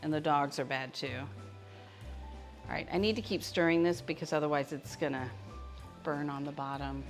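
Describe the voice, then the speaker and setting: A low-pitched, steady-toned woman speaks at a moderate pace against soft background music. As a cooking show host, she cooks live in her home kitchen while keeping up a conversation with her viewers.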